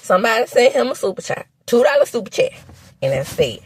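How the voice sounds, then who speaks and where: Sassy Southern woman, husky voice. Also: a little fast. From American South. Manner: sassy, animated, with laughs and sudden high exclamations. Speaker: reality TV recap host. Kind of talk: casual commentary vlog.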